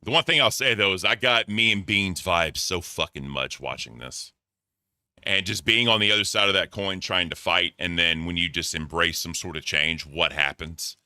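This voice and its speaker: A man's voice: sits low, normal speed, pushed and bright, smooth, no echo, studio quality. A man hosting a casual podcast chat, joking and swearing freely. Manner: profane, joking. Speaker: podcast host.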